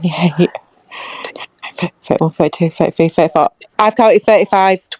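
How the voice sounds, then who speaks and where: A woman's voice: on the low side, normal speed, darkish tone, low-quality recording. A woman on a casual football fan podcast, checking facts and counting up figures. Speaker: podcast co-host.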